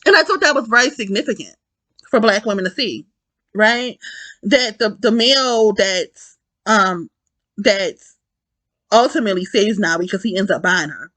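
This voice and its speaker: A woman giving a casual spoken film review, animated and profane, often repeating herself and correcting her words. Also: mid-range voice, moderate pace, long pauses, no room sound.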